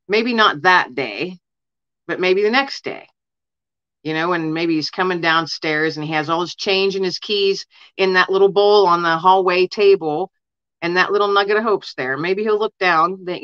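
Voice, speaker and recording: Earnest lady telling stories in an interview, kinda low but bright voice, muffled lo-fi audio. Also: smooth, no room sound. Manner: earnest, leans on "you know", chuckles while telling stories. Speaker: interview guest. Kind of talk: casual storytelling.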